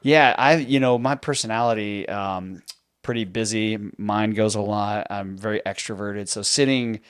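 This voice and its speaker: A man's voice: lowish voice, normal speed, smooth, no room sound, studio quality. A man in his thirties from Texas, hosting a podcast in a chatty, storytelling way and laughing easily. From Texas, near Houston. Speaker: podcast host. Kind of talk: casual conversation.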